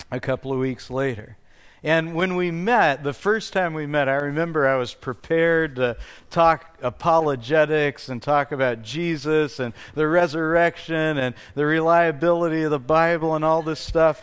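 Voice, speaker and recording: A man's voice: on the high side, smooth. A man preaching a sermon as pastor, telling a story earnestly with small restarts. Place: church.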